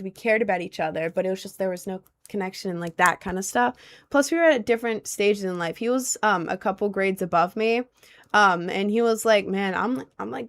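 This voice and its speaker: A young woman streaming casually, answering viewer questions in a rambling way, filled with "like" and "um". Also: medium pitch. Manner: rambling, heavy use of "like" and "um".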